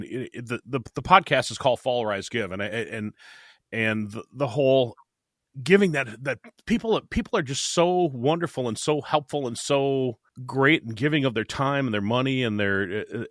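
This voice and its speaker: An older man co-hosting a podcast, talking in a casual, halting way and stumbling over repeated words as he gets emotional. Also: on the low side, fairly bright tone, dry recording, studio quality. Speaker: podcast co-host.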